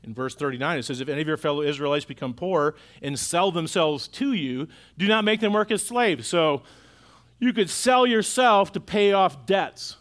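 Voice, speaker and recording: A middle-aged man with a fairly high voice preaches to a church congregation. His delivery is conversational, and he keeps putting questions to the listeners. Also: expressive, normal speed, a bit bright. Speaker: pastor. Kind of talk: sermon. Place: church auditorium.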